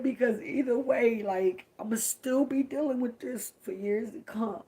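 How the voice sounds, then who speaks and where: Grieving husky woman on a live stream. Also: a little high, a little slow, darkish tone. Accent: Baltimore. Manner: grieving, confiding, often drops to a breathy whisper. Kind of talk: emotional live-stream talk to viewers.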